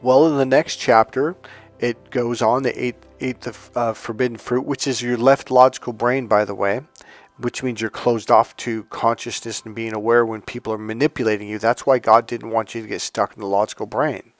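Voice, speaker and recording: A man who coaches on dating and relationships, talking casually to his channel as an outspoken, animated storyteller. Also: medium pitch, moderate pace, dry recording, soft background music.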